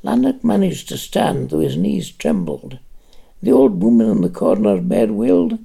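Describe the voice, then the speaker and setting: A narrator giving a measured, expressive reading of a literary audiobook. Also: mid-range voice, vocal fry, breathy edge.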